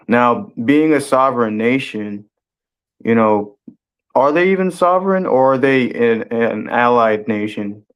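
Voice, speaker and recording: A man from the United States talks on a podcast in a measured, hesitant way, filling his pauses with fillers as he works through his thoughts. His voice is somewhat low. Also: clear, resonant tone. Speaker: podcast co-host. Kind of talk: casual podcast chat.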